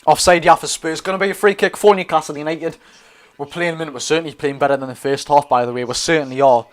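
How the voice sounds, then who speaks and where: Chatty Geordie lad streaming a match. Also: male voice, a little high, fairly even intonation, fast. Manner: chatty, reads out live chat and reacts to play. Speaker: football watch-along streamer. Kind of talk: live match watch-along commentary.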